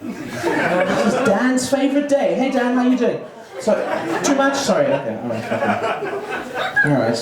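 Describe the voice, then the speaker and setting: A man's voice: high voice, big pitch swings, a little slow, heavy background noise. A man in his thirties with a South African accent, performing a rambling stand-up comedy set full of fillers and restarts. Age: 30s. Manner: rambling, self-interrupting delivery with many fillers. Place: comedy club open mic. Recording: echoey room mic from far off with crowd laughter. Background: audience laughter.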